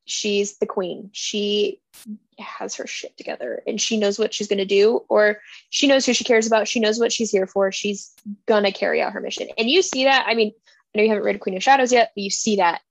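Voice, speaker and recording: A woman co-hosting a casual book podcast, retelling scenes in an animated way and quoting characters. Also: medium pitch, fairly quick, vocal fry, dry recording. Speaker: podcast co-host.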